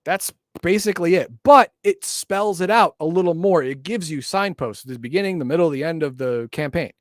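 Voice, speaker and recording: A man's voice: a little high, a little fast, no echo, clean studio sound. A man co-hosting a casual chat, explaining tabletop game lore in a loose, hedging way. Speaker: podcast co-host.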